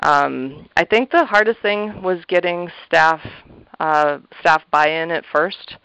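A man talking earnestly and reflectively as an interview guest, a thrift shop manager, with soft laughs and fillers. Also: a little high, takes it slowly, clean tone, dry recording. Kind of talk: casual interview answers. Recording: slightly muffled, dull audio.

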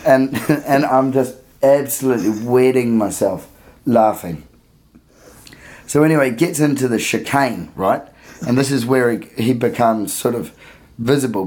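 A man tells a story in a relaxed podcast chat. He laughs often and slips into the voices of the people he describes. His voice sits at an ordinary middle pitch. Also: moderate pace. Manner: animated, laughing storyteller who acts out voices.

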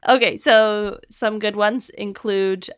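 A woman's voice: mid-range voice, fairly even intonation, takes it slowly, smooth. A woman co-hosting a podcast in casual chat, reading quotes aloud with a chatty, "like"-filled manner. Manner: chatty, lots of "like". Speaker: podcast co-host.

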